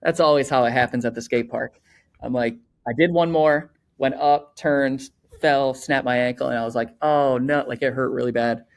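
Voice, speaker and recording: A young man appearing as a podcast guest tells stories casually in a mid-range, gravelly voice with fairly even intonation and normal speed. His talk is loose and rambling, filled with "like" and "you know."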